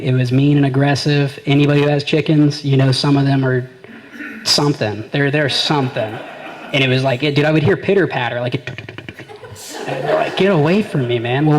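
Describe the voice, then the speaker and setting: A man's voice: fairly high pitch, fairly even intonation, a little fast, low-quality recording. A man performing a stand-up comedy set, telling stories with quoted back-and-forth exchanges. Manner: conversational storytelling with quoted exchanges. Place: small live venue.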